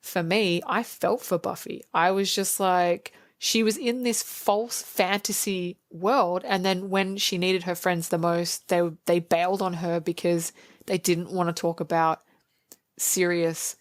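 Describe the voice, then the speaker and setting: A woman talks through a film on a podcast, animated and quick to act out lines from scenes. Her voice sits a little low, and the sound is dry and close. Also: dry recording. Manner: animated, acts out quoted lines. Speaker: podcast co-host. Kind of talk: casual movie review chat.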